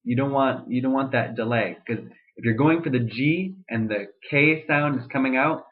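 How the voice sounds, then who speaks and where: A man's voice: medium pitch, normal speed. A young man giving a casual voice lesson, explaining vocal registers with fillers and restarts and breaking into sung demonstrations. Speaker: voice teacher. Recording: tinny lo-fi webcam audio.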